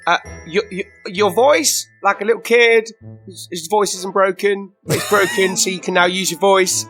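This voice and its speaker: A player in a tabletop game, chatting in a goofy, excitable way. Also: mid-range voice, normal speed, soft background music. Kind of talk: casual game chat.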